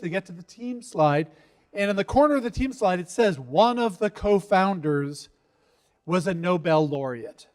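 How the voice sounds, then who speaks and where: Man, high voice, middle-aged, investor workshop talk, lively, quizzes the room. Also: normal speed. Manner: lively, quizzes the audience, acts out quotes. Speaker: investor giving pitch advice. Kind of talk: workshop talk to a live audience.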